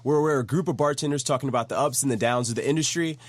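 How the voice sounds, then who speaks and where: A man's voice: mid-range voice, racing, no echo. A man hosting a bartenders' podcast in casual chat, upbeat and laughing easily. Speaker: podcast host.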